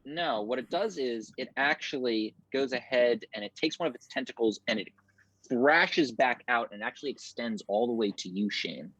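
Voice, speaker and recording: A man's voice: mid-range voice, moderate pace, a bit bright, no room sound, poor audio. A man running a tabletop game as game master, narrating combat vividly over a video call.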